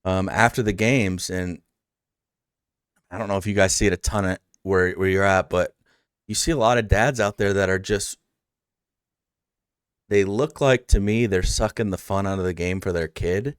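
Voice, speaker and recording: Low-voiced man telling a heartfelt story. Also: normal speed, pauses often, clear, resonant tone, no echo, studio quality. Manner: rambling heartfelt storytelling with many fillers. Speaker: podcast host. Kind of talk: casual interview chat.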